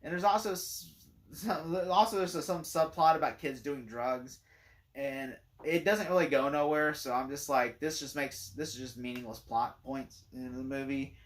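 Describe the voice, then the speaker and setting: A man's voice: mid-range voice, moderate pace. A man giving a casual spoken movie review, rambling and opinionated and leaning hard on "like" as a filler. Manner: rambling and opinionated, heavy use of "like".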